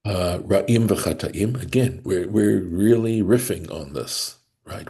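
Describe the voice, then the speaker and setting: A man with a very low, husky and mellow voice leads a text study lesson. He reads Hebrew and Aramaic phrases, explains them in English, and often stops partway through a sentence to start it over. His delivery is loose and conversational, with a frequent "right?". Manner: halting, restarts mid-sentence. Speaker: Torah teacher.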